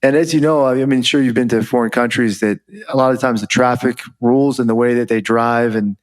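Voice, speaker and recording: A former Army officer in his forties tells stories as a podcast guest, speaking fairly quickly in a medium-pitched voice with fairly even intonation. It's casual interview storytelling, loose and chatty, sprinkled with "you know" and "like".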